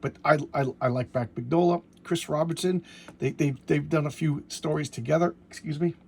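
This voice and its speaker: A man casually reviewing a comic book in a home vlog, rambling and excitable, with many restarts and fillers. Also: fairly high pitch, normal speed, creaky, slight background noise.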